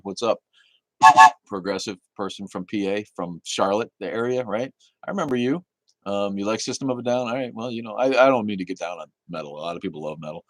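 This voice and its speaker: A man's voice: low-pitched, no room sound. A man hosting a casual livestream, reading chat aloud in a laid-back, easygoing way, cursing casually and laughing often.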